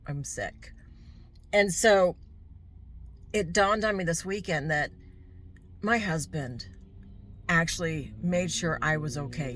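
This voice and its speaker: Candid woman vlogger, low-ish voice. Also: slight background noise. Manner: candid and heartfelt, with warm asides to the viewer. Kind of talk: personal storytelling to camera.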